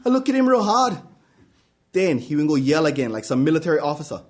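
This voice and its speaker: A man reads a story aloud. His voice sits high for a man, and his delivery is wry and easygoing. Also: sing-song, fast. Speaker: reader. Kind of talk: spoken-word story reading.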